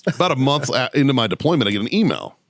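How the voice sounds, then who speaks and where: A man telling a profane, animated story on a podcast and acting out the people in it. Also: mid-range voice, very fast, dry recording. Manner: acts out quoted people in his story. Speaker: podcast co-host. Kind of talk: casual storytelling chat.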